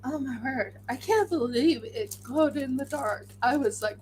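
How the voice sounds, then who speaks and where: A tired woman hosting a crafting livestream, chatting casually and excitably, often talking to herself as she works. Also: sits high, unhurried, few pauses, a little hiss or hum, low-quality recording. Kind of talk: casual chat while crafting.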